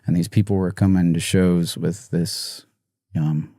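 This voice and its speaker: Musician guest, man, low and very dark voice, halting and choked up, dry close sound. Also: steady tone, no echo. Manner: halting, soft-spoken, many fillers and restarts. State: emotional, choked up. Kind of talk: podcast interview.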